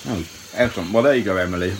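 Deep-voiced man, dry banter. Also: rapid-fire, a little hiss or hum. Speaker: podcast co-host. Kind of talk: casual chat. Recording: faint jungle ambience of crickets and insects.

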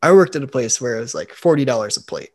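A man's voice: mid-range voice, animated, quick pace. A man co-hosting a podcast, chatting in an easygoing way. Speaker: podcast co-host. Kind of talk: casual chat.

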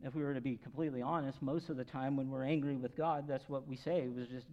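A male pastor giving an earnest, emphatic sermon, swinging between raised and quiet passages. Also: mid-range voice, fairly even intonation, fast. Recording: long hall reverb, dull lo-fi sound.

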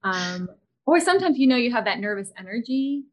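A woman's voice: a little high, big pitch swings, a little fast. A woman in her thirties hosting a podcast, talking casually with lots of fillers and restarts. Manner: chatty, many fillers and restarts. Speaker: podcast host. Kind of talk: casual interview chat.

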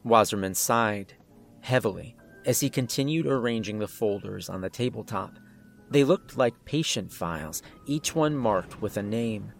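Male horror narrator, steady and suspenseful, faint music bed. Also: on the low side, unhurried, creaky.

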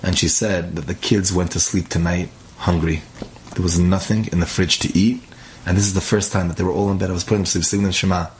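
Deep-voiced guy telling a story super casually, slips into the characters' lines as he goes. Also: fairly even intonation, quick pace, a little mellow, a little hiss or hum. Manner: conversational, acts out the characters' dialogue.

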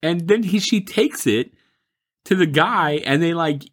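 A man's voice: on the high side, expressive, measured pace. A man chatting casually about movies, rambling and mocking, laughing often.

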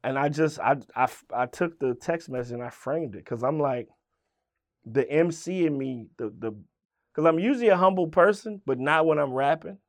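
A rapper from Virginia telling stories in a casual interview, swearing freely and acting out what others said. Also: male voice, fairly high pitch, moderate pace, no room sound. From Virginia, USA. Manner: animated storyteller, swearing, acting out quoted voices. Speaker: guest, rapper.

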